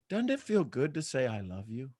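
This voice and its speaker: A man hosting a live motivational morning show, preaching with soft asides and sudden loud bursts of excitement. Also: medium pitch, no echo, clean studio sound. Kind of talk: energetic motivational talk.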